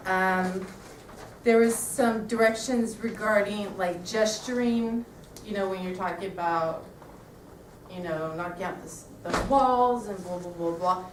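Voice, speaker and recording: A woman's voice: mid-range voice, measured pace, noisy background. A woman giving notes to actors at a rehearsal, chatty and full of "like" and "you know". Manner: casual, many fillers like "you know" and "like". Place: theater stage. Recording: echoey stage from far off, faint ambience.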